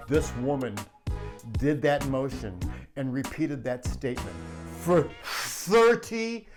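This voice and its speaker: A man's voice: mid-range voice, animated, slow pace, music in the background. A middle-aged man who works as a live sound crew chief, telling a backstage story in a chatty, laughing way. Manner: chatty, laughing, acts out quotes. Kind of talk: storytelling anecdote.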